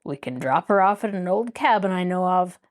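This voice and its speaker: Lady reading a rough sneering river guy kidnapper, gruff and bossy, storybook reading. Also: lowish voice, expressive, fairly quick, close to an everyday voice.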